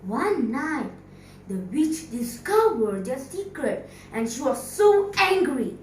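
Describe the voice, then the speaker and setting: A woman teacher telling a fairy tale in a storytelling competition, dramatic and expressive, recorded from a distance in an echoey room. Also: high voice, slow pace, slight background noise. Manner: expressive, dramatic storyteller asking the audience questions.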